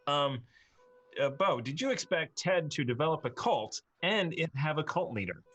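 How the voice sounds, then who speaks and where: A man's voice: a little high, expressive, moderate pace, fairly bright tone, slightly rough, dry recording. A man who runs the game and hosts, chatting casually on a live stream in an easygoing, rambling way with lots of fillers. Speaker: dungeon master and show host.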